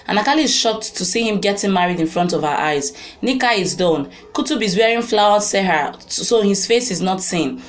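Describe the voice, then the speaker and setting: A woman narrating a drama episode recap in a plain, steady read-aloud way. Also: medium pitch.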